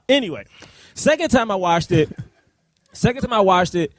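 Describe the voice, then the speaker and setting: A man co-hosting a live podcast discussion of a film, talking in an animated, rambling way with many fillers and laughs. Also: high voice, moderate pace, a little hiss or hum. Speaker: podcast co-host. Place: live event at a university.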